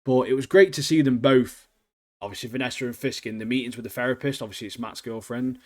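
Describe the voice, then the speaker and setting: Young man, podcast co-host, casual chat, laughing, slangy, mid-pitched voice. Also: fast. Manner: animated, laughing often, slangy and swearing. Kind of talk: casual chat reviewing TV shows.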